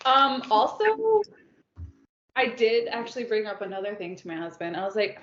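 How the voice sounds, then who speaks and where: A woman's voice: medium pitch, expressive, normal speed, fairly bright tone. A woman chatting casually about books as a podcast co-host, telling stories and laughing often. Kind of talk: casual book chat. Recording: roomy, dull lo-fi sound.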